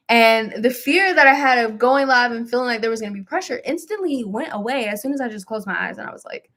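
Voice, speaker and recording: A woman hosting a spiritual live stream, talking casually and encouragingly with some laughs and relaxed colloquial phrasing. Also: fairly high pitch, normal speed. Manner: warm, chatty, with laughs, mild self-deprecation and AAVE phrasing.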